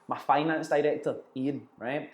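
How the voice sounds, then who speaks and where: A man's voice: on the high side, steady tone, moderate pace. A young Scottish man, a guest in a casual interview, talking bluntly, swearing freely and telling stories with quoted banter. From Scotland. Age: young adult. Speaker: guest, entrepreneur. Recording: roomy echo.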